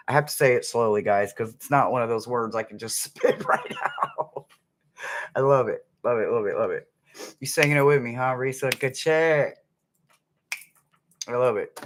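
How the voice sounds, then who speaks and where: A man's voice: a little high, huge pitch swings, normal speed. A man chatting casually to viewers on a livestream, rambling between stories and humming snippets of songs. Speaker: livestream host.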